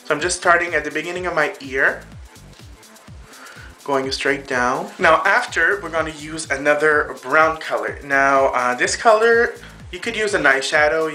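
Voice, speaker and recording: Bright chatty man in a makeup tutorial. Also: a little high. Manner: chatty, addresses viewers as girls and boys. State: out of breath.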